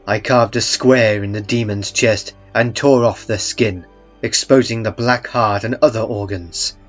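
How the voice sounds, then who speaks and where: Calm man narrating a horror story. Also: lowish voice, unhurried. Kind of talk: scripted first-person horror narration. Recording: muffled, with faint music beneath.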